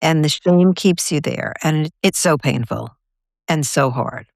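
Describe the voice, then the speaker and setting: Low-voiced woman therapist telling a story. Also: measured pace, gravelly, no room sound, studio quality. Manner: earnest, recounting a client's story. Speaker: therapist guest. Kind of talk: storytelling in conversation.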